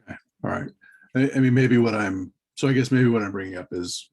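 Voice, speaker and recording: A man with a low, husky voice speaks on a video call. He hesitates often, restarting his sentences and filling the gaps as he thinks aloud in a work meeting. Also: a little fast, darkish tone. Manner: hesitant, many restarts and fillers. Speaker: meeting participant. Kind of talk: casual work meeting talk.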